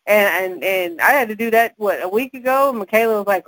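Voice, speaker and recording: A woman, a mother and podcast co-host, chatting casually and telling animated stories with frequent laughs. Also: medium pitch, a little fast, no room sound, poor audio. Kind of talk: casual chat.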